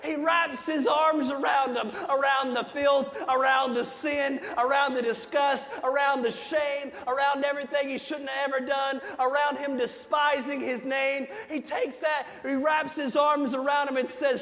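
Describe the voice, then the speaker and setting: A man preaching a sermon in a church hall, impassioned and often shouting with rising emphasis. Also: very high voice, flat delivery, unhurried, few pauses. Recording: reverberant hall with soft music.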